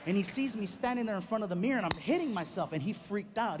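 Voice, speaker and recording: A male stand-up comedian telling a personal story on stage, animated and acting out each person in it. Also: sits high, quick pace, a crowd in the background. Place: comedy stage in a large venue. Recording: live hall with faint noise.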